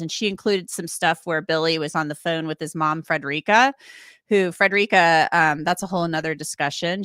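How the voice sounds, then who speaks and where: A woman's voice: on the low side, fairly bright tone, smooth, no echo, clean studio sound. A woman giving casual, rambling commentary on a trial, with lots of fillers. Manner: rambling, filler-heavy, chatty. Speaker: legal commentator.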